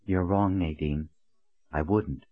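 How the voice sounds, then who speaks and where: A stern, composed woman leader in an audiobook, read by a man in a low, calm, clipped voice. The sound is dry and a bit dull. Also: takes it slowly, no echo. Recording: dull lo-fi recording.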